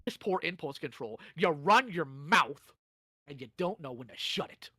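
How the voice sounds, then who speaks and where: A man's voice: fairly high pitch, expressive, normal speed, sharp tone, dry recording. Stern, lecturing man on a call. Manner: stern, lecturing, calls someone out. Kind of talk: role-play confrontation in a voice call.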